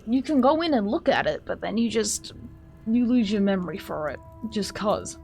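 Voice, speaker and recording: A woman's voice: mid-range voice, animated, normal speed, creaky, a little mellow, faint music behind. Chatty Australian woman streamer. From Western Australia. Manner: chatty, hesitant, stumbles over words when reading. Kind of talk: casual chat and reading a story aloud on stream.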